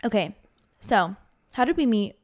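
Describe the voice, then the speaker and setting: A woman in her twenties hosting a casual podcast chat, playful and giggly, talking in quick bursts. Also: mid-range voice, lively intonation. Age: 20s. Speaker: podcast host.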